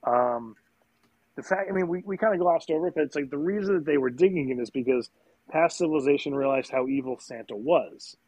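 A man's voice: a little high, brisk, darkish tone, no room sound, low-quality recording. A man co-hosting a casual movie review podcast, explaining film lore with eager restarts. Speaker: podcast co-host.

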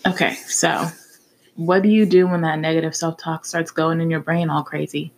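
A low-pitched woman talks through her own podcast in a loose, casual way. She is candid and blunt and drops the occasional swear word. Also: little pitch movement, moderate pace, creaky, a little hiss or hum. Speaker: podcast host. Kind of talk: casual solo podcast talk.

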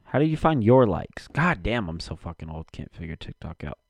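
A man's voice: fairly low pitch, big pitch swings, normal speed, creaky, a little mellow, breathy edge, no room sound. A man rambling casually to himself and his audience from his basement, cursing often and muttering while he searches for something.

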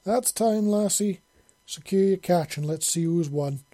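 Man playing a gruff old fisherman, stern, boastful, raised pitch, loud, husky. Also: moderate pace, no echo. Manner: stern, boastful, calls her lassie.

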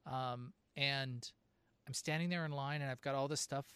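Middle-aged man host, chatty storyteller, close dry sound, mid pitch. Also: steady tone, moderate pace, a bit bright, smooth, dry recording. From Southern California. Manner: chatty storyteller, laughs often. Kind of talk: casual chat.

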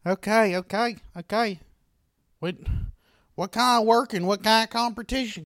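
High-voiced man playing folksy banter. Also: moderate pace, a bit bright, dry recording, studio quality. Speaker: tabletop game player. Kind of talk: playful in-character banter.

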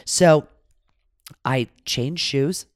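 A woman guest casually telling a travel story in a dramatic, animated way, swearing freely. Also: sits low, very slow, no echo, studio quality. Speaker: podcast guest.

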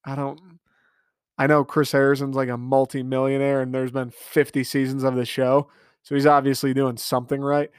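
A man's voice: medium pitch, monotone, moderate pace, clean tone, no echo, studio quality. A man hosting a casual solo podcast, ranting in a profane, exasperated way from his family room at home. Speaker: podcast host.

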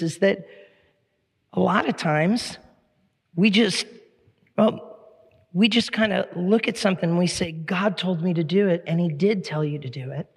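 High-voiced man preaching in a reverberant hall. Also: slightly rough. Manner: animated storytelling with playful impressions. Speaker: pastor. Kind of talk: sermon.

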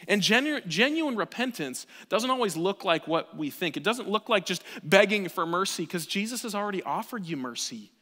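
A man in his thirties, a pastor, preaching a sermon with animated delivery, dropping to quiet asides and rising almost to a shout. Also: high voice, moderate pace, hardly any pauses, in a large hall. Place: church sanctuary.

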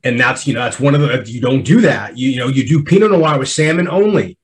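A man's voice: mid-range voice, brisk, poor audio. A man, a sommelier at wine dinners, telling a story in a casual chat, with many restarts and acted-out bits of dialogue.

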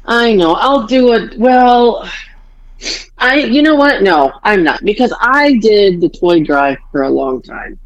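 A woman's voice: mid-range voice, lively intonation, slow pace, dull audio. A woman podcast host telling family stories in casual chat, swearing freely and acting out her parents' quarrels.

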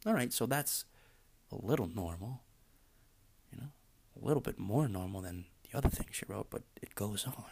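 A man's voice: lowish voice, animated, normal speed, creaky, pauses often, a little mellow, a little hiss or hum. A man hosting a podcast, ranting casually in a sarcastic, exasperated way and swearing freely. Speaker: podcast host.

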